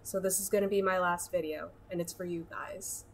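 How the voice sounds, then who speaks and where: A woman's voice: fairly low pitch, fairly even intonation, brisk, a little hiss or hum, lightly acted. A woman voicing a young woman who says an earnest goodbye to her friends in a video message. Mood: heartfelt. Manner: earnest and heartfelt.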